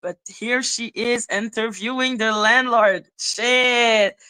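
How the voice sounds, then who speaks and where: High-voiced woman ranting, bright and slow. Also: fairly even intonation, clean tone, no room sound, rough recording. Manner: profane, scornful, swings loud and mocking. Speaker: live-stream commentator. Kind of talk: heated ranting commentary.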